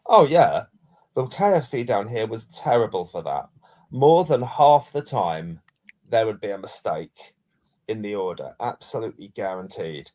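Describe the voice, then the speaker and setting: A man's voice: fairly low pitch, sing-song, a little slow, darkish tone. A man from England co-hosting a podcast, telling long casual stories with many restarts. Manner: rambling storyteller, many restarts. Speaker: podcast co-host. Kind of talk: casual chat.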